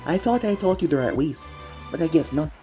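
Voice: medium pitch, animated, fairly quick, mellow, soft background music, lightly acted. A narrator reading a fan-fiction story, voicing a sneering, snake-like male villain ninja with a mocking, taunting manner.

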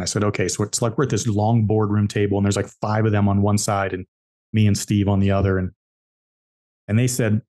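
A man's voice: on the low side, level tone, fairly quick, mellow. A man, an entrepreneur guest on a podcast, telling business stories bluntly and emphatically, repeating key words. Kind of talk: podcast interview storytelling.

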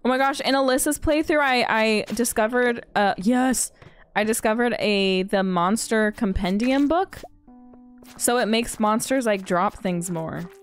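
A young woman streaming a farming game, chatting casually with her viewers, bubbly and quick to laugh. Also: a little high, faint music behind. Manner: bubbly and giggly, quoting movie lines. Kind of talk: casual gaming stream chat.

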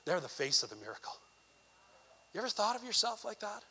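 A man from Canada, an evangelist preaching a sermon in a conversational way that swells into emphatic, near-shouted lines. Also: sits high, sing-song, fairly quick, breathy edge. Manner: conversational asides with frequent "you know".

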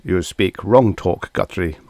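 A puzzled alien tribesman who speaks slow, broken English, feeling his way through each word, as a man reading the story voices him. His voice sits low and sounds dry and close. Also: gravelly, a little mellow, dry recording, exaggerated voice. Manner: slow, halting broken speech.

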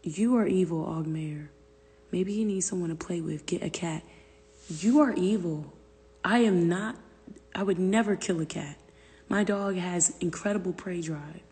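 A lower-pitched woman with a husky grain, talking loosely on a livestream. She rambles and swears freely, now and then dropping to a hushed whisper. Her voice trails off into a long reverb. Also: normal speed. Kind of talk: casual livestream chat, reading comments. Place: family room at home.

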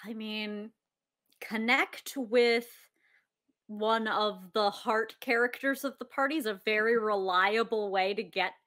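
A woman's voice: mid-range voice, fairly even intonation, slow pace, a bit bright. A woman co-host reading viewer questions with wry, playful, mock-grand phrasing. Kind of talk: casual talk-show chat.

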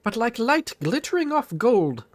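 A man's voice: very high-pitched, big pitch swings, unhurried, slight background noise, pitched above the performer's own voice, heavily acted. A man voicing an elderly miserly cartoon duck tycoon, reading the game's lines aloud in a mock-grand voice.

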